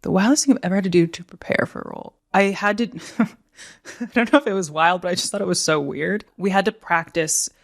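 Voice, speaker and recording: A young woman guest on an interview show, telling stories in a chatty, animated way and laughing often. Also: on the low side, fairly quick, gravelly. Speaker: guest actor. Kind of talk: casual interview chat.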